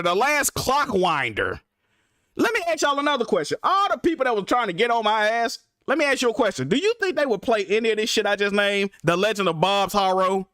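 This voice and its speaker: A young man streaming live about games, ranting in an exasperated, profane way with big swings between loud outbursts and mutters. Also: sits high, no room sound, studio quality. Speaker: gaming streamer.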